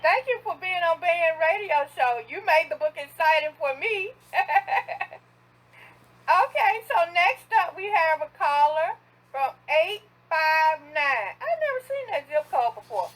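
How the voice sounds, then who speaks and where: A woman hosts a radio interview show, her voice very high. She talks slowly and in a friendly way, laughing often. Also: sing-song, a bit bright, low-quality recording.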